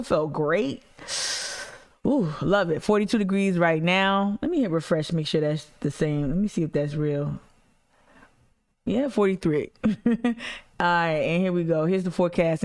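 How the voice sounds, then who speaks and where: A woman's voice: lowish voice, smooth. A woman hosting a casual livestream, blunt and emphatic, slangy, and talking straight to her chat. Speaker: activist livestream host.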